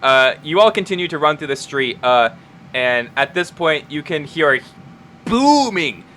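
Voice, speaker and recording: Young man, game master, bright voice, casual filler-laden narration, faint background noise. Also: mid-range voice.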